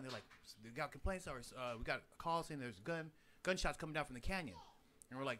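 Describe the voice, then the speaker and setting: A young adult man in casual chat, telling an animated story full of swearing and acted-out sound effects. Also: mid-range voice, fast talker. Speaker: podcast co-host.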